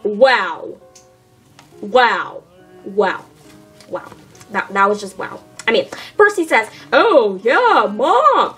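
A woman voicing a loud, dramatic mother who talks sassily in a doll series. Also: on the high side, slightly rough, voice pushed down, full character voice. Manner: loud and theatrical, with a sassy catchphrase.

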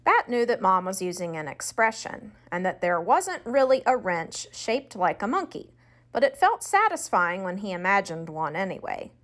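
A woman narrating a children's audiobook in a clear, expressive storytelling voice. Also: medium pitch, moderate pace.

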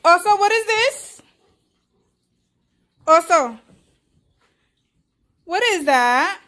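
A woman's voice: sits high, sing-song, takes it slowly, long pauses, sharp tone. A woman vlogging at home, talking playfully to her dog and her viewers, hyper and exclaiming, filmed on a handheld phone. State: hyper from coffee. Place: at home indoors.

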